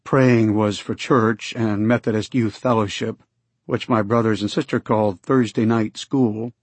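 A man giving steady first-person scripted narration for an audiobook, close to the mic. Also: lowish voice, a little slow, no echo.

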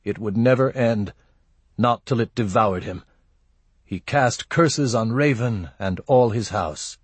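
A man narrating a story in a measured, steady way. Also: on the low side, husky, dry recording. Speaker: audiobook narrator. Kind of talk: scripted narration.

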